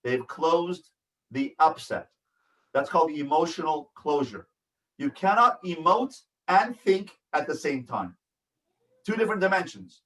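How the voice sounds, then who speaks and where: Earnest rabbi, higher voice, distant mic. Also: male voice, expressive, a little slow, fairly bright tone. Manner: earnest, repetitive, acts out examples. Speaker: rabbi and family educator. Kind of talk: workshop lecture.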